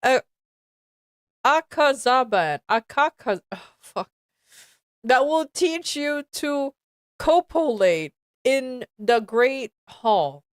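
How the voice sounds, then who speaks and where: A woman's voice: high-pitched, slow pace, dry recording, studio quality. A woman streamer reading a fan fiction aloud with commentary, stumbling over words and sounding exasperated.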